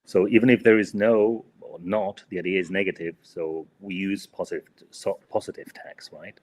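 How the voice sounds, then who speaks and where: A man talks through a podcast English lesson, pausing on fillers and tacking little checks onto his sentences. His voice is husky and sits fairly low. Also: fairly even intonation, a little mellow. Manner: hesitant, many fillers and tag "no?". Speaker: co-host and English teacher.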